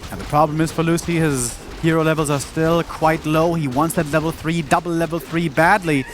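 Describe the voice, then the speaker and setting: A man commentating a live strategy game match, calmly explaining play and tactics. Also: fairly high pitch, fairly quick, soft background music. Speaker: esports commentator. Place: event studio.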